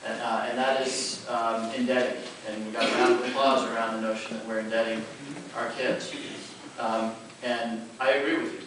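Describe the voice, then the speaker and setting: A man, a congressman, answering a constituent's criticism in a measured, firm way. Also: medium pitch, level tone, a bit bright, a little hiss or hum. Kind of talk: town hall response. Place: library meeting room. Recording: echoey room taped from far off.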